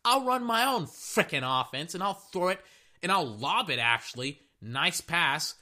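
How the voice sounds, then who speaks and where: A man's voice: fairly high pitch, expressive, unhurried, sharp tone, voice pushed up, heavily acted. A man putting on the voice of a brash, profane young male quarterback who trash-talks and boasts. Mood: cocky.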